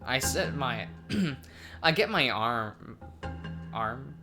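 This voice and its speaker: A man's voice: medium pitch, lively intonation, extremely slow, music in the background. A man hosting a let's play, reading a visual novel aloud in a hesitant way with many ums and uhs.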